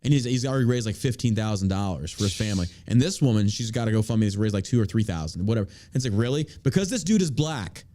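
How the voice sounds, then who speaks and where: A man's voice: fairly low pitch, expressive, fast, few pauses, dark tone, a little hiss or hum. A man hosting a podcast, ranting angrily and cursing in casual chat. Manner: angry profane ranting. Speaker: podcast host.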